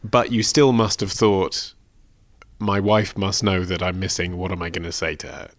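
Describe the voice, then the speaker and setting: A man's voice: deep voice, level tone, moderate pace, no room sound. A British man hosting a podcast, asking short questions and reading the outro. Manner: brief, reactive questions. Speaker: podcast host. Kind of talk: interview and show outro.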